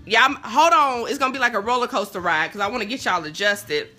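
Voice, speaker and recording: A young woman livestreams her home cooking show on a phone on a stand, bacon sizzling in a pan beside her. She's a fast talker with a bright, forceful voice on the high side, speaking straight to her viewers and easily sidetracked.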